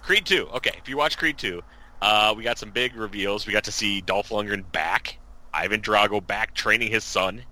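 Low-voiced, sharp-toned man rambling on a podcast. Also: moderate pace, low-quality recording. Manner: rambling, filler-heavy. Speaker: podcast co-host. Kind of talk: casual chat.

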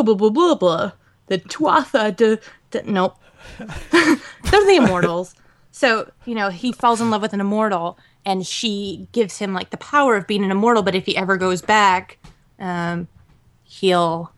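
A woman co-hosting a podcast in casual chat, talking in an animated, rambling way with lots of fillers and laughter. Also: mid-range voice. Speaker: podcast co-host.

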